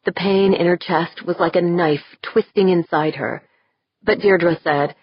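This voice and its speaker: Brief: husky female narrator, low and unhurried, dry close read. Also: dry recording. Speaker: audiobook narrator. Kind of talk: scripted narration. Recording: dull, muffled audio.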